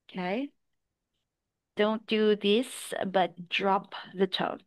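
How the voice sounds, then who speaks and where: A woman teaching an IELTS speaking lesson, giving patient feedback with worked examples. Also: medium pitch. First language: English. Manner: encouraging, explains slowly with examples.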